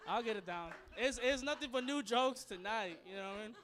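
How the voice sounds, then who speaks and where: A man's voice: sits high, lively intonation, brisk, fairly bright tone. A young man doing a stand-up comedy set, loose and crude, rambling and laughing at his own jokes. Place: comedy club stage.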